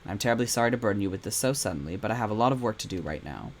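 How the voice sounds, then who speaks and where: A man's voice: lowish voice, expressive, racing, slight background noise. A British man reading the lines of a polite, fussy male professor vet in old-fashioned phrasing. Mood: courteous.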